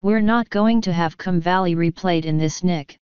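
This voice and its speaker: A woman reading the part of a gruff middle-aged male watch commander who talks curtly and impatiently, in an audiobook. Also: on the low side, normal speed, a little mellow, dry recording, dull audio, natural voice. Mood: stern. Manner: curt, impatient, dry.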